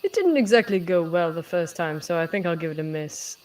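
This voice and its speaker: Woman, tabletop player, dry teasing manner, lowish voice. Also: expressive, fairly quick, hardly any pauses, darkish tone, rough recording. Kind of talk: in-character tabletop play.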